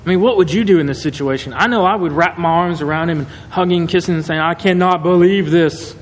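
A man preaching a sermon in a conversational, animated way, acting out quotes. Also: on the high side, fast. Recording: echoey hall, faint noise.

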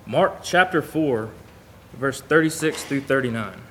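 A man's voice: medium pitch, lively intonation, unhurried, a bit bright, a little hiss or hum. A man preaching a sermon in church, talking casually with the congregation and reading scripture aloud. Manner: conversational, reads scripture aloud.

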